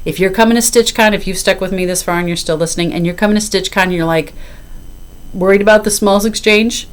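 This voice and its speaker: A woman's voice: medium pitch, steady tone, fast. A woman in her fifties, chatting casually to camera about her cross-stitch, rambling and often apologizing as she goes.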